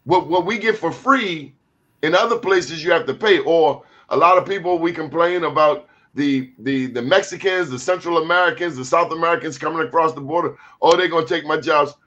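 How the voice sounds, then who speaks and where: A male talk show host with a fairly high voice. He talks in an animated, emphatic way, leaning into his points with lively asides. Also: fairly quick, lo-fi sound.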